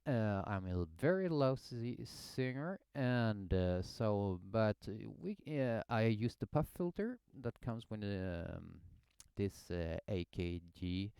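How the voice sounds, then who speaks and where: Man, low-ish voice, gear reviewer explaining a mic test in a dead-dry home studio, unhurried and hesitant. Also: animated, darkish tone, clear, resonant tone, no echo. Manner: explanatory, thinking aloud, hesitant. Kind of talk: casual microphone demo. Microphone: headset and studio condenser mic.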